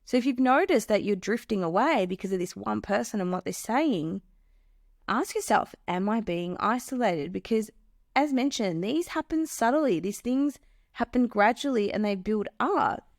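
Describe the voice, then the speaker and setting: A woman's voice: a little high, animated, moderate pace, vocal fry, dry recording, studio quality. A woman hosting a podcast, earnestly giving relationship advice and explaining with examples. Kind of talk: solo advice talk.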